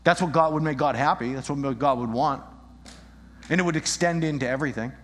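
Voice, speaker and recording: A man preaching a sermon, animated, acting out little scenes and shifting his voice as he argues. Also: a little high, a little fast. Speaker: pastor. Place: church. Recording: long reverb in a hall.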